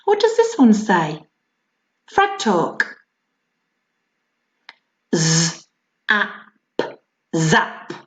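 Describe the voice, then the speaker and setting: Slow-paced teacher with a roomy, dull sound. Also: female voice, mid-range voice. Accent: English. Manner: gentle, encouraging, animated storytelling. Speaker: primary school teacher. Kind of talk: reading a comic aloud to young children. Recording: roomy dull home lesson recording.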